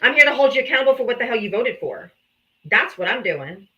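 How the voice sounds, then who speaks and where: A woman's voice: a little high, sing-song, fast talker, bright, forceful tone, dull audio. A woman hosting a political livestream, combative and taunting, calling out viewers to come up and talk. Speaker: livestream host.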